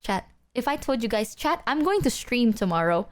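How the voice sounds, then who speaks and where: Young woman streamer, high voice, animated and sweary, just ranting to chat. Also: moderate pace. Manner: animated, swears a lot, rants. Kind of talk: casual chat with stream viewers.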